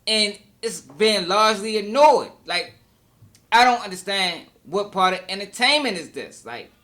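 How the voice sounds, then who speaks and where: A man's voice: high-pitched, expressive, unhurried, pushed and bright. A man hosting a commentary channel, talking in a skeptical, questioning way. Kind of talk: commentary monologue.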